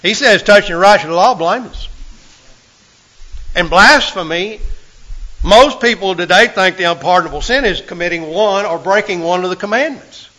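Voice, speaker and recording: A man preaching a sermon, folksy and full of rhetorical questions, swinging from loud to hushed. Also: high-pitched, low-quality recording.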